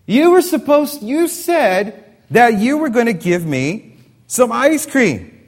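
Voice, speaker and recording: A man's voice: fairly high pitch, lively intonation, normal speed. A man doing a whiny little girl. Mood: upset. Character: upset little girl begging for ice cream.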